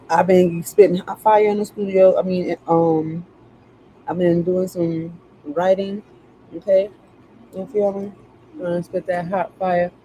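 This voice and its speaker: Mellow-voiced, slangy tarot reader chatting. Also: mid-range voice, steady tone, slow, long pauses, slight background noise, low-quality recording. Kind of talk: casual live-stream chat.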